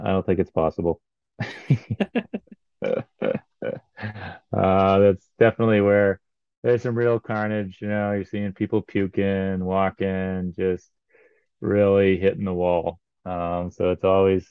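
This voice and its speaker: A man's voice: on the low side, clear, resonant tone, no room sound, lo-fi sound. A man recounting a race in casual podcast chat, rambling with many ums and uhs.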